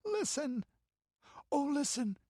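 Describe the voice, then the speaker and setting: A man voicing a frightened young girl in an audiobook, with a high, shrill, whimpering voice. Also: animated, moderate pace, no echo, clean studio sound.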